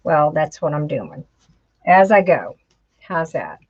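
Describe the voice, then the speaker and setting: A woman's voice: sits low, sing-song, slow pace, darkish tone. Chatty woman crafting, lo-fi sound. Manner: chatty, talks to herself while working, says "y'all". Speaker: craft instructor. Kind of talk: live crafting tutorial.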